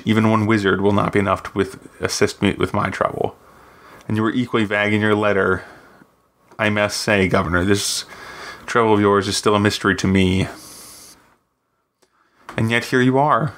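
A man's voice: on the low side, flat delivery, brisk, fairly bright tone. A man reading aloud, voicing a proud, sardonic older woman mage who teaches, with a dry, cutting manner. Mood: wry. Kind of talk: audiobook reading.

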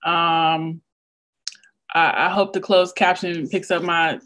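A woman's voice: lowish voice, little pitch movement, fairly bright tone, a little hiss or hum. Chatty young woman with a Southern accent. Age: young adult. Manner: quick and chatty, with many restarts and fillers. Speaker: visiting poet. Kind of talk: casual craft talk to an online audience. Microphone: video call.

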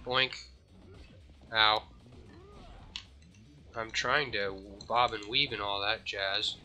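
A man giving casual, jokey let's-play commentary at home, self-mocking, slightly out of breath, with sudden high yelps. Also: fairly even intonation, very slow, sharp tone, slight background noise. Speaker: gaming channel host.

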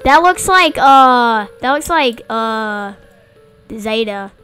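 High-voiced excitable girl gaming. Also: drawn-out words, clear, resonant tone, faint music behind. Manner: excitable, blunt, jokey. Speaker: gamer. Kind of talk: gameplay commentary.

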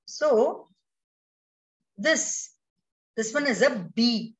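Slow-reading woman with an Indian English accent. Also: a little high, expressive, recorded from a distance, rough recording. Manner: slow, explaining each step to children. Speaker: storyteller. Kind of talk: children's read-along narration.

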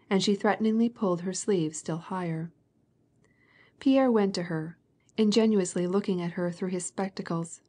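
A woman narrating a classic novel as an audiobook, in an even, measured storytelling manner. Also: on the low side.

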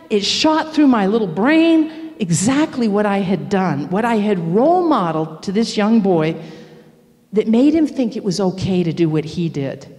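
A woman's voice: a little high, dark tone. A middle-aged woman telling a candid, confessional story in a sermon at a church speaker event. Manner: earnest, confessional, candid about her faults. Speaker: speaker at a prayer seminar. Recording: long reverb of a church hall.

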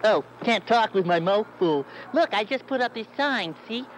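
A huge, childlike bird with a high, bouncing voice full of innocent excitement. It is 1970s children's television, with a faint hiss on the old audio. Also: male voice, moderate pace, rough recording. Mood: proud. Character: big childlike male yellow bird, eager and earnest. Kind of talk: children's TV puppet comedy.

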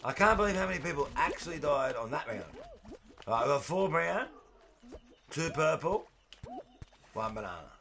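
A man livestreaming a game, chatting with viewers, greeting them by name, and shouting when excited. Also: fairly high pitch, moderate pace, creaky, long pauses. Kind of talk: casual gaming stream commentary.

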